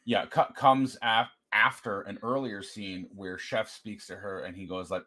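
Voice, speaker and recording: A man's voice: on the low side, steady tone, a little slow, hardly any pauses, pushed and bright. A man co-hosting a casual livestream movie review, chatty and agreeable, filling in scene details. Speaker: co-host.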